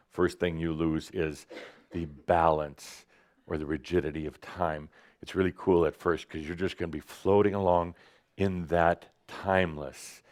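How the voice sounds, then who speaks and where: A man giving a channeled spiritual talk to an audience, speaking in slow, hushed, deliberate phrases. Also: low voice. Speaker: spiritual teacher channeling a persona.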